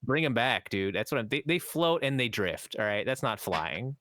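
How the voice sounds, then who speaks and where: A man's voice: medium pitch, big pitch swings, normal speed, fairly bright tone, no room sound, clean studio sound. A young man co-hosting a podcast in casual chat, laid-back, swearing and saying "dude" a lot. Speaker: podcast co-host.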